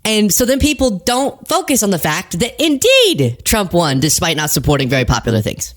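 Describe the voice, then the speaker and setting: A woman hosting casual political commentary, sarcastic and animated, laughing at her own jokes. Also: fairly low pitch, moderate pace, hardly any pauses.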